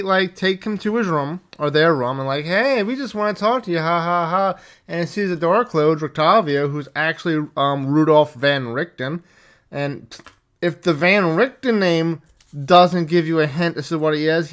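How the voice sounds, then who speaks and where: A man retells a tabletop session he ran as game master, rambling along and cursing freely. His voice sits a bit higher than most men's. He slips into quick impressions of his players and characters as he goes. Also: a bit bright. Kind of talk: casual storytelling recap.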